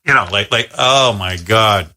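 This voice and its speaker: A male radio host from New with a bright, forward voice. He tells a long story in a loose, rambling way, restarting sentences and poking fun at himself. His delivery is casual and conversational. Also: on the low side, measured pace. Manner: rambling, self-deprecating, with many restarts. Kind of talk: casual talk-show storytelling.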